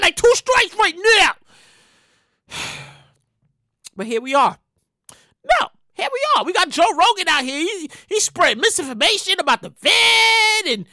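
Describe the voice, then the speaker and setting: High, lively woman ranting indignantly. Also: dry recording, studio quality. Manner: animated, indignant, repeats herself, swears. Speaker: show host. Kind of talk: ranting commentary.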